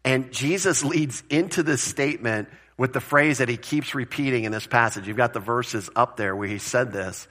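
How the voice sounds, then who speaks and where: A man preaching a conversational sermon as pastor, plain-spoken and animated, with joking asides. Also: medium pitch, moderate pace, hardly any pauses.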